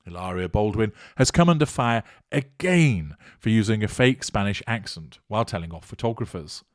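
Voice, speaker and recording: A man giving a measured, emphatic commentary monologue, reading and analysing an article in formal wording. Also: on the low side, expressive, no echo, studio quality. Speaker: commentator on narcissism.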